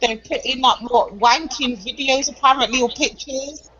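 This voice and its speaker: A woman's voice: high-pitched, steady tone, moderate pace, bright, forceful tone, husky. A British woman in casual chat, frank and emphatic, swearing now and then. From Britain. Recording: dull lo-fi audio with faint noise.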